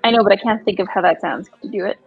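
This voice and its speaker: A woman's voice: medium pitch, very fast, creaky, slightly rough, dry recording. A woman playing a tabletop game, playful and full of questions. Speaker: player. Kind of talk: casual chat at a game table. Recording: dull, dry lo-fi sound.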